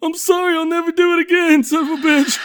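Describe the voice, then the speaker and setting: A panicky, frightened grown man squeals his apologies in a voice pushed far up high, as a man puts him on. He pleads in a rush, all nerves and no dignity, eager to get away. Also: little pitch movement, quick pace, noisy background. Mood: panicked pleading.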